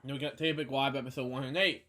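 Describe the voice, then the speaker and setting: A man's voice: medium pitch, fairly even intonation, fast, sharp tone. A tired, yawning man hosting a home video show, rambling through announcements and a casual wrap-up. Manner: rambling, listy delivery with frequent fillers.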